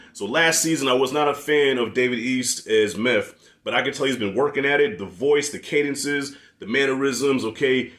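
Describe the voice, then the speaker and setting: A man giving a blunt, profane, animated review of a TV series in a casual rant. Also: medium pitch. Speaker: TV show reviewer.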